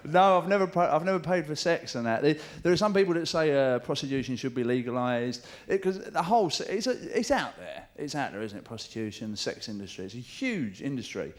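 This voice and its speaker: Cheeky London stand-up comic. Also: male voice, on the high side, expressive, brisk. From England. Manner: cheeky, swearing, mimics loud voices. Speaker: stand-up comedian. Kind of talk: live stand-up routine. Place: large theatre stage with audience. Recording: theatre show taped with audience noise.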